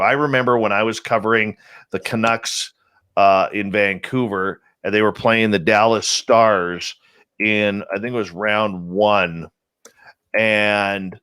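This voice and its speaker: A man hosting a radio roundtable, telling stories in an animated way with emphatic repeats. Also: fairly low pitch, clean tone, no room sound. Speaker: radio show host. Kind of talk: casual roundtable chat.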